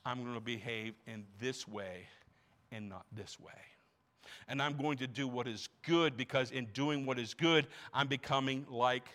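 A pastor in his sixties preaches a sermon to his church congregation, emphatic and fond of rhetorical questions and repeated words. His voice sits in the mid-range with a slightly bright quality.

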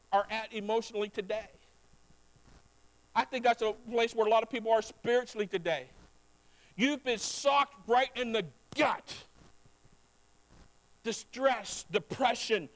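Man, pastor, very high voice, sermon, rhythmic preaching, addresses the congregation. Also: rough recording. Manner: rhythmic preaching, swings from low and quiet to loud and high; talks directly to the congregation.

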